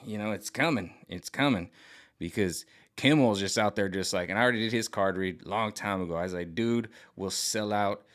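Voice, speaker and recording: Low-voiced man ranting in a vlog. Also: a little fast, fairly bright tone. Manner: rambling, repetitive and agitated, with many restarts; mimics other voices sarcastically. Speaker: vlogger. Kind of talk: rambling monologue.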